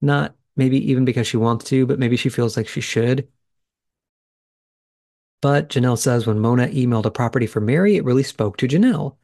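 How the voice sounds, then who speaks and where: This man hosts a podcast and talks through episode recaps casually, musing out loud and responding on the fly. He speaks fairly quickly in a mid-range, darkish voice, and the studio-quality recording is dry.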